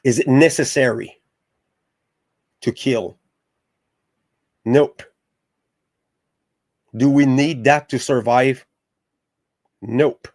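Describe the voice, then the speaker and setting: A man's voice: mid-range voice, steady tone, a little mellow, no room sound, clean studio sound. A man hosting a podcast, arguing passionately with lots of swearing and stumbling restarts. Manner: profane, passionate, halting with restarts. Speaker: podcast host. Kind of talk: heated casual discussion.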